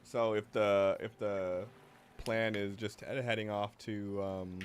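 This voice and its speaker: A man runs a tabletop game, narrating slowly and hesitantly with frequent fillers. His voice sits a little low. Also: fairly even intonation, a little hiss or hum. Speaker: game master.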